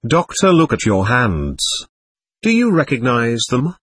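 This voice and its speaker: A calm male doctor explaining things patiently to a lost spirit, read aloud by a man. His voice is husky, with a lively, varied pitch, and sounds dry and close. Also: measured pace, no echo, exaggerated voice. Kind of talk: reading a séance transcript aloud.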